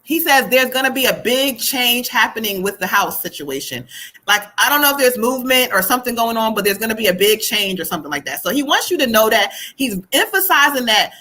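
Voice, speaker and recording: Woman, psychic reader, bright and forceful voice, somewhat high pitch, chatty, laughs a lot. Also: very animated, brisk, poor audio. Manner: chatty, laughs often, relays spirit messages. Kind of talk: live-stream tarot reading.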